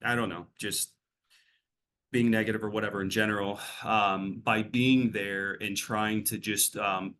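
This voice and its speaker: A man's voice: fairly low pitch, fairly bright tone, a little hiss or hum. A man working as a behavioral health clinician, answering interview questions in a rambling, casual way, full of fillers and restarts.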